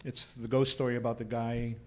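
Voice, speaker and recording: A man, a ghost tour guide telling stories in a relaxed way with dry humor and plenty of fillers. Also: mid-range voice, brisk, slight background noise. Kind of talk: casual storytelling chat.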